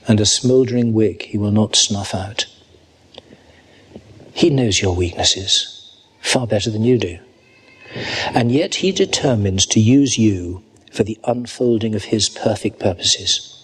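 A man preaching a sermon at a church service, earnest and reading scripture slowly and deliberately. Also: mid-range voice, a little hiss or hum.

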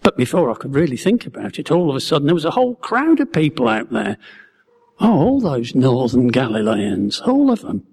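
A man's voice: medium pitch, sing-song, a little fast, gravelly, darkish tone, husky. A man, a preacher telling a Bible story as a wry, musing first-person bystander. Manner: wry, musing storyteller who acts out his own wondering. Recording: long hall reverb.

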